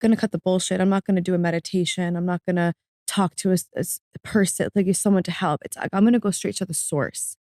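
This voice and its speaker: In a clean, dry studio recording, a woman author guesting on a podcast tells her emotional story at a quick pace. Her voice is steady and mellow, earnest and reflective, rising high when tears come.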